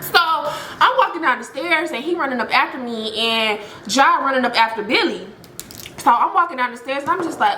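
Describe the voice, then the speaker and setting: A woman telling a story in a casual, animated, dramatic way with lots of fillers, recorded in an echoey room. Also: high-pitched, moderate pace, slight background noise. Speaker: storytelling vlogger.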